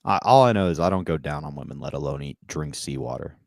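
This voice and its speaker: Deep-voiced man telling rambling stories. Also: quick pace, creaky, dry recording, studio quality. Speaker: stand-up comedian, podcast co-host. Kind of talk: casual comedy podcast banter.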